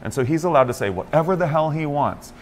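A man whose voice sits on the high side talks fast, with a little hiss or hum, as co-host of a morning talk show. He's an animated storyteller in casual chat, acting out quoted lines in other people's voices.

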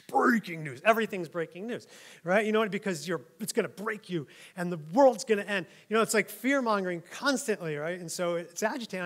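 A male pastor gives a loose, conversational sermon into a microphone in a church. His voice sits high for a man. He jokes a lot and keeps checking in with his listeners. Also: fairly bright tone. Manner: chatty, joking, keeps asking "right?". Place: church sanctuary.

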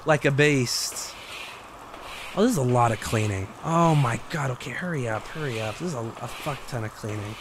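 A young man streaming gameplay commentary, excitable and joking, swearing freely. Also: medium pitch, normal speed, few pauses, noisy background.

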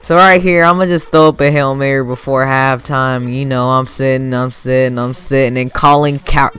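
Young man, gaming commentary, bright crisp voice, excitable, swears a lot, sudden shouts, faint music behind. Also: medium pitch, normal speed, hardly any pauses. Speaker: gaming YouTuber. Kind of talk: casual gameplay commentary.

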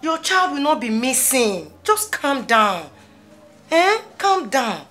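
A woman's voice: sits high, very animated, slow, fairly bright tone, heavily acted. A soothing Nigerian mother. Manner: soothing, coaxing, insistent. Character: calm older mother comforting her grown daughter. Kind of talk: gospel film acting.

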